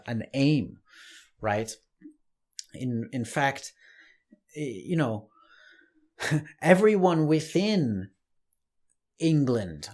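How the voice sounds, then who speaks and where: Slow, chatty male English teacher. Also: medium pitch. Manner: relaxed and chatty, with laughs and restarts. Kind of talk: casual online English lesson.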